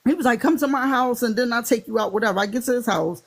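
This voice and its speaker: A fast-talking woman with a gravelly voice and a Philadelphia accent animatedly shares a funny dating story in casual chat, acting out what people said in higher-pitched voices.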